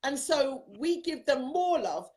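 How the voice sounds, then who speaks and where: A woman's voice: high voice, big pitch swings, unhurried, a little mellow. Chatty woman hosting a live show. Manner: chatty, reads out viewer comments. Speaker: host. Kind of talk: live online chat show. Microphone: video call.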